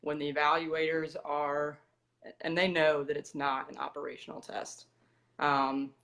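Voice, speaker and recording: A woman's voice: sits low, flat delivery, measured pace, a bit bright. A young woman with an American accent, a dog trainer talking as an interview guest in a matter-of-fact, explanatory way. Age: young adult. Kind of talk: casual interview talk.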